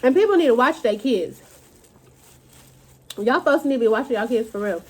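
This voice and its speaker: Animated young woman ranting, slightly high. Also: normal speed, husky. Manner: animated, profane, dramatic retellings. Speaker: vlogger. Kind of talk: casual storytime rant.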